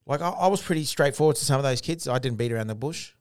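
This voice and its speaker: A man's voice: mid-range voice, fast talker, dry recording, studio quality. Plain-spoken Australian man telling stories. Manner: plain-spoken, animated storyteller with many restarts. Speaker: guest, former Aboriginal education worker. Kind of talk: casual storytelling chat.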